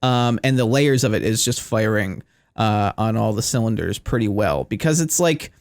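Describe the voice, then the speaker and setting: A man's voice: fairly low pitch, animated, moderate pace, no echo. A young man hosting his own podcast, chatting casually and rambling with playful joking asides. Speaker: podcast host. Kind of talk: casual solo podcast chat.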